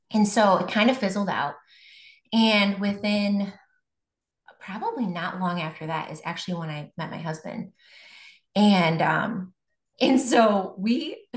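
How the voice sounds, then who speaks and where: Woman telling her testimony, roomy sound. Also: mid-range voice. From Buffalo, New York. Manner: conversational, many fillers and restarts. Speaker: guest. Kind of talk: personal faith testimony. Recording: roomy echo.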